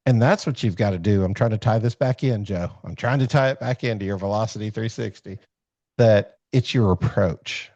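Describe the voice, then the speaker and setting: Dry, dull lo-fi call audio captures a man with a lowish, darkish-toned voice speaking at normal speed. Hosting a podcast over video call, he tells a story as casual chat, rambling and self-deprecating, with plenty of fillers and restarts.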